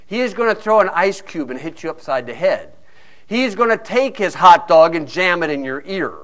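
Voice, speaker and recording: A man preaching a sermon, telling a lively story and acting out quick asides from other people. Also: sits high. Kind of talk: sermon with a sports illustration.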